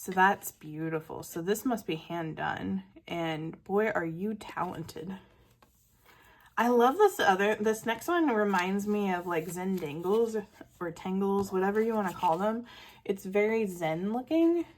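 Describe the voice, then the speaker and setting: A woman's voice: medium pitch, expressive, unhurried. A woman hosting a casual art video, narrating artwork she received and gushing over it with frequent fillers and small laughs. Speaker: art channel host. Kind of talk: casual show-and-tell narration.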